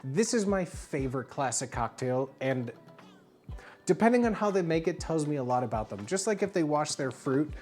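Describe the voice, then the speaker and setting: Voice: mid-range voice, expressive, moderate pace, a little mellow, faint music behind. A streamer acting as a bartender in a comedic livestream, rambling playfully and stumbling over fillers. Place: home streaming setup.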